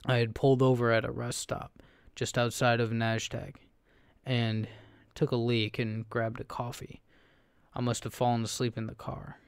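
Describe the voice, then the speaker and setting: A man narrating a first-person horror story in a steady, low storytelling delivery. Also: moderate pace, creaky, smooth, dry recording.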